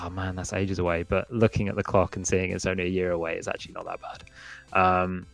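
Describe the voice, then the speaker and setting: A man with a lowish voice talks casually about games, looping through fillers and restarts. Now and then he jumps into animated impressions. The sound is dry and close, with faint music underneath. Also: gravelly, no room sound. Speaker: podcast guest, gaming expert. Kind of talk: casual podcast chat.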